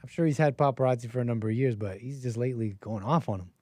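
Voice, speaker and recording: A man's voice: mid-range voice, racing, dark tone, no room sound, clean studio sound. A man hosting a call-in livestream, chatting casually and rambling with laughs. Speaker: call-in show host.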